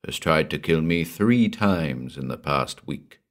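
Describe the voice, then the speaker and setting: A man's voice: expressive, moderate pace. A man reading as a haunted, muttering husband. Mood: haunted, subdued. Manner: low, subdued, muttering delivery. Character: troubled, haunted young husband, frightened. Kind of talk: audiobook reading.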